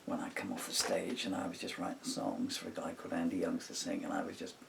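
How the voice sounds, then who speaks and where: Older man with a low gravelly voice. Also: level tone, fast talker, fairly bright tone, far from the mic, a little hiss or hum. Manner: meandering, self-interrupting, muttered asides. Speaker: songwriter. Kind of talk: casual rambling talk while writing a song. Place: home recording studio.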